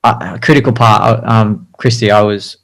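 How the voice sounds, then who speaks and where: A man's voice: on the low side, fairly even intonation, normal speed, vocal fry, rough recording. A man, a designer, telling his career story as an interview guest in a chatty, self-deprecating way, with lots of ums and restarts. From Australia.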